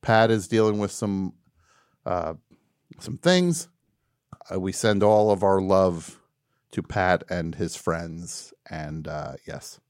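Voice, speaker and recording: A man hosting a live call-in radio show, wry and mock-boastful, dropping to quiet mumbles and rising to shouts. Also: deep voice, takes it slowly, clear, resonant tone, no echo, studio quality.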